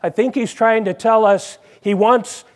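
A man's voice: high-pitched, steady tone, moderate pace. A married man preaching a sermon in a conversational way, repeating phrases and putting questions to the congregation.

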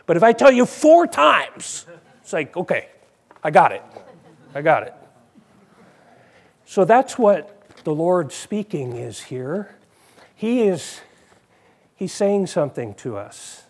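A man's voice: on the high side, a little mellow. A married man preaching a sermon in a conversational way, repeating phrases and putting questions to the congregation.

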